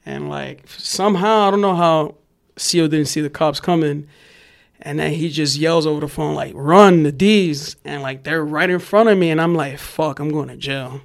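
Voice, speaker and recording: A young man tells a wild story in casual chat. His voice sits a little high, and he talks animated and profane. He jumps into shouted bits to act out the people in it. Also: normal speed, vocal fry. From New York. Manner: animated, profane storytelling, acts out yelling cops. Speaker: podcast guest, graffiti writer.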